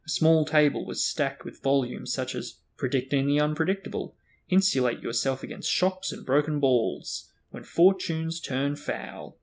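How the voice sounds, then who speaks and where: A man reading a novel aloud to a friend, giving the dialogue lively character voices and breaking off for casual asides. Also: medium pitch, vocal fry. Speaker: book discussion host reading aloud.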